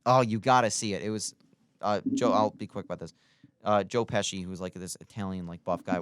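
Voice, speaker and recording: A young man co-hosting a casual college radio football show, chatty and quick to react, telling a movie anecdote. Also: sits low, clean tone, no room sound. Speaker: sports radio co-host. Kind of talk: casual sports talk.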